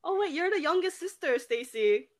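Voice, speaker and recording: A young woman chatting casually and giggling, acting out stories with high shrieks. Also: animated, moderate pace, dry recording, studio quality. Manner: giggly, acts out quotes with shrieks. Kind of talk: casual chat.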